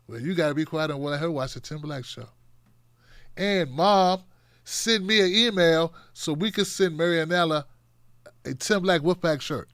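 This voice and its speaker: A man hosting a live stream, reading out viewer comments with an animated, sarcastic delivery that swings between outbursts and muttering. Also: on the high side, normal speed, no echo, studio quality. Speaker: live-stream show host.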